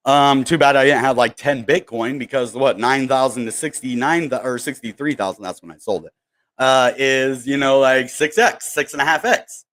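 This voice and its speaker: A man's voice: mid-range voice, moderate pace, fairly bright tone. A man hosting a crypto channel livestream, rambling in casual chat with lots of fillers and greeting viewers from the chat. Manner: rambling, full of fillers and asides. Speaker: crypto YouTuber.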